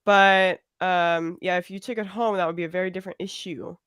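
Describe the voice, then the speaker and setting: A woman co-hosting a podcast in casual chat, telling anecdotes with lively acted-out quotes. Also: lowish voice, brisk, clear, resonant tone, dry recording, studio quality. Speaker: podcast co-host.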